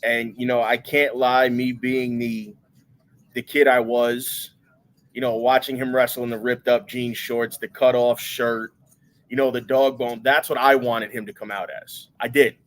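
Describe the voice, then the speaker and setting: Male guest, mid-pitched, reflective, chatty, filler-heavy speech. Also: level tone, a little slow. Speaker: podcast guest, retired pro wrestler. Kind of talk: casual interview chat.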